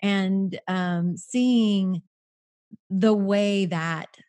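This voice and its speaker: A woman's voice: mid-range voice, steady tone, darkish tone. Gushing American woman podcast host. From United States. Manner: enthusiastic, gushing, quick asides. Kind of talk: podcast intro and interview.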